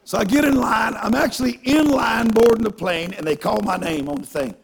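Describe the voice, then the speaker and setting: A man preaching a sermon through a self-mocking story, animated and given to bursts of shouting. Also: high voice, a little fast, gravelly.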